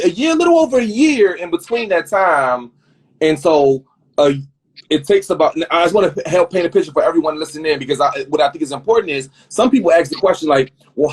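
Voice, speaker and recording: A man with a high-leaning, animated voice talks fast while hosting a live online interview over a video call. Chatty by nature, he repeats words as he rephrases his questions. The call audio is husky and drops out.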